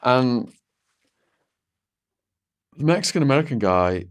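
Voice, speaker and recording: A man's voice: mid-range voice, sing-song, slow. A man as an interview guest, recounting a personal story vividly, with many "like"s and restarts.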